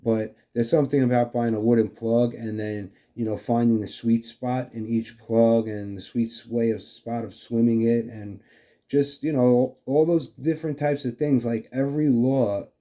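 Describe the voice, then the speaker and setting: A fishing channel host with a New York accent shows off fishing lures in a casual, rambling way, dropping plenty of fillers like "you know." His voice is medium-pitched and mellow, with a steady tone and a normal speaking speed.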